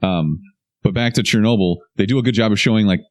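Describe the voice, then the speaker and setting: A man's voice: lowish voice, fast talker, a little mellow. A young man co-hosting a podcast in casual chat, joking wryly with a dry, sarcastic edge. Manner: wry, joking, a little sarcastic. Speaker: podcast co-host.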